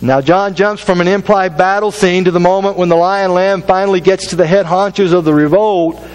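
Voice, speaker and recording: Emphatic preaching man, higher voice. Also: steady tone, brisk, darkish tone, low-quality recording. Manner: emphatic preaching, repeats phrases for effect. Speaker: pastor. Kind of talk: sermon.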